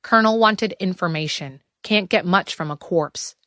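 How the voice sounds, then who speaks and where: A man's voice: high voice, normal speed, sharp tone, no echo, clean studio sound. A woman reading the lines of a second gravedigger, a man who grunts his words and shrugs things off. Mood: grumbling. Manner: grunting, dismissive. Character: grumbling dismissive male gravedigger.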